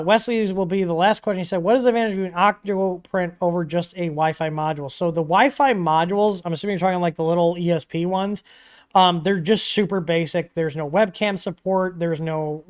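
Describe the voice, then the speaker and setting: A man hosting a casual livestream Q&A, talking in a relaxed, chatty way with frequent ums and asides, from a home studio. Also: high-pitched, fairly quick, clear, resonant tone. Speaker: livestream host answering 3D printer questions. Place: home studio with dogs nearby.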